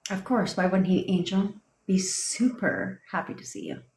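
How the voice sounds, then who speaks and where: A woman's voice: on the low side, huge pitch swings, moderate pace, creaky, a little hiss or hum. A woman manifestation coach on a livestream, ranting bluntly and swearing freely while answering viewer comments. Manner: blunt, profane, fired-up. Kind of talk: livestream rant. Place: home desk. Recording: roomy, echoey room sound.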